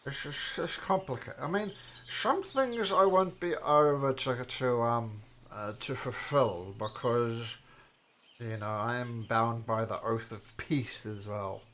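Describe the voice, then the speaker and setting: Man doing a self-proclaimed god-king, tipsy and stammering, slow, bright-toned. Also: medium pitch, a little hiss or hum. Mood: earnest. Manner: grandiose, rambling, stammering. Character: boastful tipsy old king who claims godhood.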